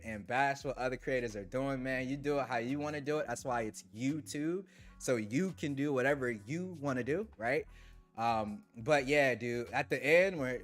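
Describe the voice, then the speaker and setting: A man hosting a tech livestream, chatting casually with viewers in relaxed slang and laughing often. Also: mid-range voice. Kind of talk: casual livestream chat reading super chats.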